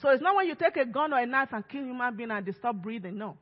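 A woman's voice: fairly high pitch, animated, quick pace. Woman pastor, emphatic sermon, long church echo, dull lo-fi sound. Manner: emphatic preaching, acts out quoted voices. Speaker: lead pastor. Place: church sanctuary.

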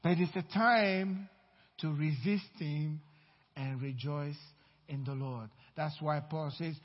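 Slowly and emphatically, a male pastor preaches in a church sanctuary, trading loud declarations for hushed asides. The audio has the dull, reverberant quality of a church hall.

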